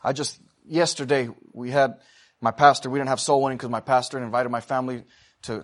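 A man preaching a sermon. He swings between loud, fervent exhortation and quiet, chatty storytelling, and he calls out to the congregation for responses. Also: mid-range voice.

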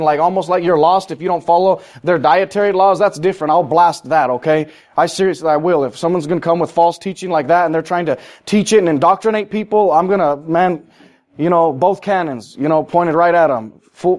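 A man preaching a sermon as pastor, emphatic, rising and getting louder for effect, then dropping low and slow on key points.

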